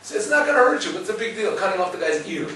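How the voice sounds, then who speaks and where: A man's voice: sits high, very fast, distant mic, noisy background. Man, Torah class lecture, storytelling, very echoey hall, voice from off-mic. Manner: storytelling, lively, asks listeners "right?". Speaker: rabbi teaching a class.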